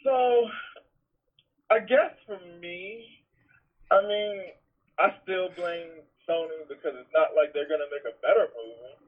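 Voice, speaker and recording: A man, the podcast's business manager, talking in a measured, explaining way in casual chat. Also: high-pitched, phone-quality sound.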